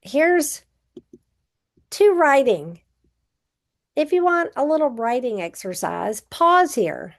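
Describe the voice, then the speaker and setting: A woman's voice: high voice, very animated, takes it slowly, vocal fry. A woman teaching a recorded grammar review, patiently explaining step by step with example sentences.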